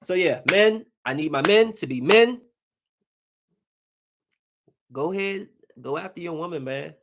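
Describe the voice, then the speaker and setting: A man hosting a podcast, delivering a comedic monologue that swings between loud outbursts and low, muttered asides. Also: animated, normal speed, background noise. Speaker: podcast host.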